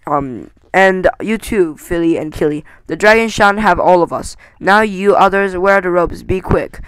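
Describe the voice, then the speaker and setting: A man reading aloud voices a proud dwarf leader who gives brisk orders in a storybook. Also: high-pitched, a bit bright, smooth, no room sound, low-quality recording. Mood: commanding.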